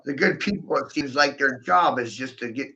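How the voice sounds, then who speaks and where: A man's voice: medium pitch, moderate pace, pushed and bright, dull audio, slight background noise. A man delivering a rambling, profane monologue, breaking into laughter often and talking with intensity. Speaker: video host.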